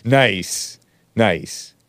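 A man hosting a call-in show, chatty and quick to laugh, often cutting himself off mid-sentence. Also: on the low side, expressive, fairly bright tone, no echo, studio quality. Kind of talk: casual call-in talk.

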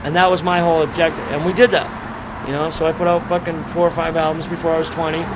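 A middle-aged Boston-area punk singer with a fairly high, level voice talks fast in a casual street interview outside a bar. He rambles through crude, swaggering, profane punk-rock stories while passing cars and loud city traffic fill the background.

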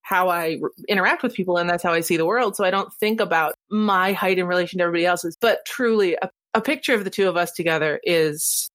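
A woman's voice: lowish voice, fast talker, few pauses, fairly bright tone, no room sound. Teasing woman podcast co-host, dry sound. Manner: teasing, laughs often, reassuring. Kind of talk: casual chat.

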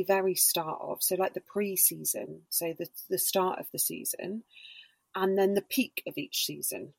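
A woman guest on a casual podcast chat, explaining slowly with lots of hedging fillers. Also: mid-range voice, creaky, slightly rough, dry recording. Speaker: podcast guest, Reiki practitioner and embodiment coach.

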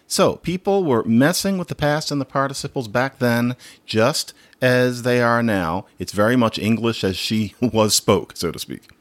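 A man's voice: mid-range voice, no room sound. A man hosting a solo podcast, talking in a chatty, digressive way and laughing now and then. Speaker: podcast host.

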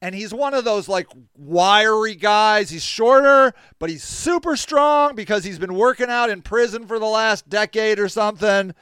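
High-voiced man telling an exasperated story. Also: normal speed, few pauses, smooth, no room sound, clean studio sound. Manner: animated, exasperated, swears freely; laughs between lines. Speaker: podcast host. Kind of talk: casual storytelling monologue.

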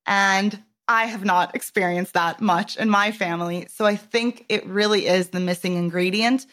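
A woman hosts a podcast and talks in a reflective way, thinking things through out loud. Her pitch sits in the middle range for a woman. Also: steady tone, normal speed. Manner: reflective, thinks aloud with fillers. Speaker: podcast host. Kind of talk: conversational interview.

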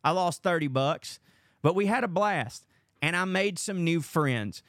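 A man's voice: a little high, animated, unhurried, fairly bright tone, dry recording, clean studio sound. A young man hosting a podcast, rambling through a profane, casual monologue. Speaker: podcast host.

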